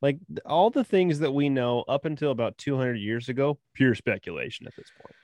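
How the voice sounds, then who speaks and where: A man co-hosting a podcast in casual chat, animated and jokey, swearing freely. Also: mid-range voice, brisk. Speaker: podcast co-host.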